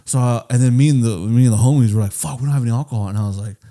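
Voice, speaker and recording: A man's voice: mid-range voice, rapid-fire, warm tone. A young man co-hosting a podcast, rambling through a party story with swearing and lots of "right?". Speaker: podcast co-host. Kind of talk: casual storytelling chat.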